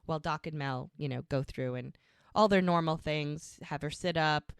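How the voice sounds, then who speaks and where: A woman co-host talks through an episode recap in a chatty, rambling style. Her voice sits a little low, and the sound is dry and close. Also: moderate pace, creaky, clean tone, no room sound. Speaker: podcast co-host.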